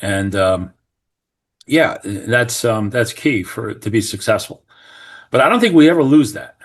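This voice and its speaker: A middle-aged man from New Jersey, a retired fire captain, telling a story as a podcast guest in an earnest, animated way, acting out what people said. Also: fairly low pitch, unhurried. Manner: earnest, animated, acts out quoted remarks, many restarts. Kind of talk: conversational storytelling.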